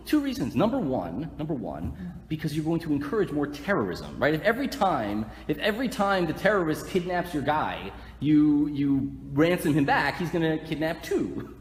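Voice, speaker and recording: A rabbi teaching a live Torah class, joking and putting questions to his listeners. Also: fairly high pitch. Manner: animated, joking, asks the audience questions. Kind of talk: lively live Torah lecture. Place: lecture hall with live audience. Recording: echoey hall, faint room noise.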